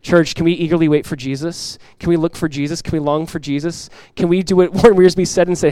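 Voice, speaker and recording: A middle-aged man preaching a sermon as pastor to his church, earnest and direct, repeating key lines and acting out everyday voices with lively emphasis. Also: on the high side, fast talker, clean tone, no room sound, rough recording. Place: church sanctuary.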